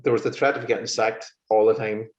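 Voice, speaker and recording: A lowish, brisk male voice belongs to a musician being interviewed, who livens up the casual talk with exasperated tales and laughs. Audio comes across roomy and somewhat muffled.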